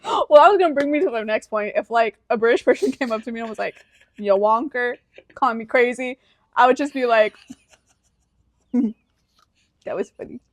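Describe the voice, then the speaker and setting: Lively high-voiced young woman, playful. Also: fairly quick, no echo. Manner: playful, laughs often, argues back. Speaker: podcast co-host. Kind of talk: casual chat.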